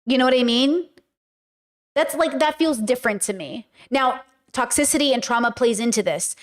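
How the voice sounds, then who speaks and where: A woman's voice: on the high side, normal speed. A woman hosting a podcast, talking frankly and casually to her viewers, with lots of fillers, casual swearing and acted-out quotes. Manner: chatty, frank, many fillers, acts out quoted speech. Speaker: podcast host.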